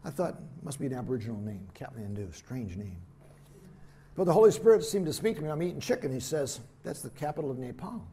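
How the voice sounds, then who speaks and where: An older man preaches to a church gathering in a gravelly, mellow voice. He tells his missionary stories with animation and plays the other people's lines himself, with a faint hiss from the room behind him. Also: medium pitch, quick pace. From United States. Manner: animated anecdotes, voices quotes, laughs at himself. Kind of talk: storytelling sermon. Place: church hall.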